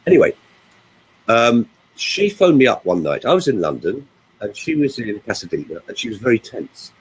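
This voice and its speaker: A man who works as a voice coach, telling stories and giving advice in a lively, expressive way. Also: medium pitch, normal speed, breathy edge, low-quality recording. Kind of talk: animated storytelling and coaching talk.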